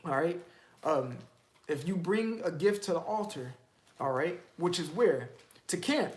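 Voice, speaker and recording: A man's voice: fairly high pitch, animated, measured pace. Guy preaching bible study casual and street, punchy questions, echoey room. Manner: emphatic, streetwise, rhetorical questions.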